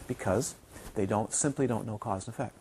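A man's voice: fairly low pitch, brisk, a little hiss or hum. Playful man giving a dharma talk. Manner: playful, animated, mimics students' self-talk; repeats words for emphasis. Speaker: Buddhist teacher. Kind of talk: dharma talk to retreat students. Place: retreat centre teaching hall.

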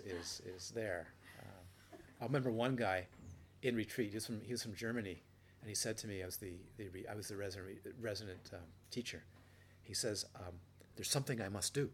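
Meditation teacher giving a dharma talk, restarts. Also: male voice, on the low side, brisk. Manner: relaxed, anecdotal, frequent restarts and playful acted quotes.

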